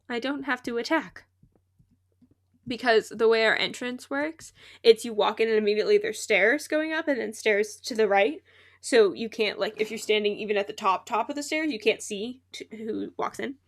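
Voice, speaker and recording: A woman's voice: on the high side, a bit bright. A young woman chatting casually as she plays a game on a live stream, talkative and laughing often at her own remarks. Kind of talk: casual chat while playing a game.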